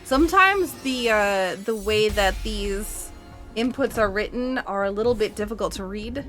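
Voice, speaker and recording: A woman's voice: medium pitch, animated, moderate pace, pushed and bright, soft background music. A woman playing a game live and explaining it as she goes, chatty and laughing often, with plenty of fillers. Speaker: speedrun player. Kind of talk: live gameplay commentary.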